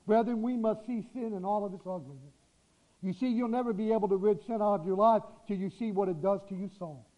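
A male preacher with a notably high voice delivers a sermon, pressing his points through repetition and slowed, weighty phrasing. The recording is dull and lo-fi. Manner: exhorting, repetitive, slows for emphasis.

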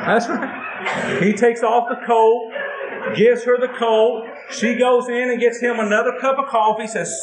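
A man's voice: extremely high pitch, flat delivery, a little slow, echoey room, crowd noise, poor audio. A man preaching a folksy sermon, telling a homespun story and acting out a husband and wife. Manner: homespun, drawling storyteller acting out both spouses. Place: church building.

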